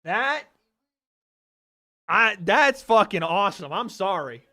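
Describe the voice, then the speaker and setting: With a high, bright voice, this man narrates a fight live for his watch-party viewers, naming each blow and cursing without restraint. He speaks slowly but erupts into thrilled shouts when the action turns, captured in a dry, studio-quality recording.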